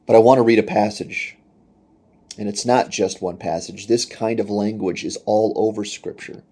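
A man's voice: on the low side, steady tone, moderate pace, mellow, slightly rough. A man preaching a sermon in an earnest manner, reading scripture and voicing quoted speech with rising intensity. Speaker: pastor.

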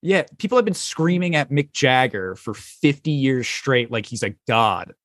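A man hosting a casual podcast chat, telling stories in an animated way and swearing casually. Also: mid-range voice, moderate pace, no room sound. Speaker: podcast host.

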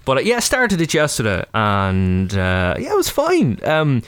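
An Irish man, a father, chatting casually as co-host in an easygoing, expressive way. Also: medium pitch, unhurried, clear, resonant tone. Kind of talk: casual chat.

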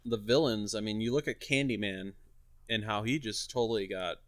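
Bright-voiced man making short remarks. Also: on the low side, moderate pace. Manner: short agreeing remarks, swears casually. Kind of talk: casual horror movie chat.

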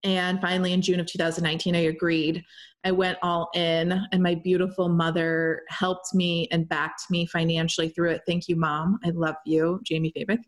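A woman telling her own story in a casual, animated way, talking with lots of "like" and some swearing. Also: fairly low pitch, normal speed. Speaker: spiritual coach.

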